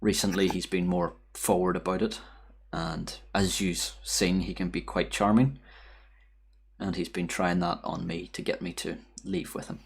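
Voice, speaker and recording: Solemn haunted young woman voiced by a low husky man, measured delivery. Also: flat delivery, full character voice. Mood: grave.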